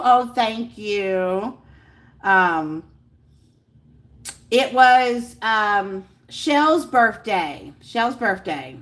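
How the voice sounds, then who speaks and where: A woman's voice: medium pitch, big pitch swings, slow pace, a bit bright. A woman hosting a casual livestream, bubbly and gushing as she greets viewers by name. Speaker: livestream host. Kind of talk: casual live chat with viewers.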